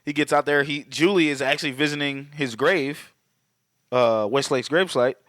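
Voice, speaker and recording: A man's voice: on the high side, moderate pace, a bit bright. A man co-hosting a podcast, casually and profanely retelling a movie plot and acting out quotes as he goes. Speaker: podcast co-host. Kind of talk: casual movie recap chat.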